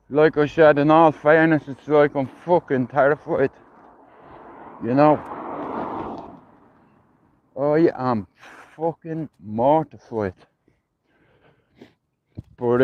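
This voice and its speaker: Dublin guy rambling and swearing on a phone stream while walking, kinda high voice, sound's dull and muffled. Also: no room sound. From Ireland. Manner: rambling, sweary, "you know what I mean". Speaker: livestreamer. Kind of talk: casual livestream chat. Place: outdoors, walking through a neighbourhood.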